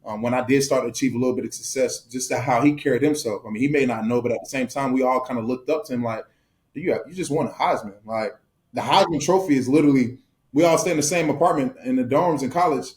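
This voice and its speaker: A man's voice: medium pitch, fast. A young man, a football player being interviewed, telling stories in casual chat with many fillers and easy laughs. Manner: relaxed storytelling with fillers and laughs.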